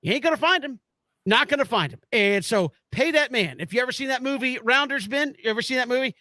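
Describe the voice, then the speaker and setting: A man co-hosting a casual sports talk show, animated, often stumbling and restarting as he argues his point. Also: very high-pitched, fast, dry recording. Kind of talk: casual sports radio chat.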